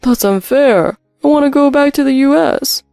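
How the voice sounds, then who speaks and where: A woman voicing a whiny grown husband who pleads and complains in a high, strained voice. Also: steady tone, moderate pace, darkish tone, no room sound, studio quality, soft background music, natural voice. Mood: whiny pleading. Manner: whining, pleading, high-strung.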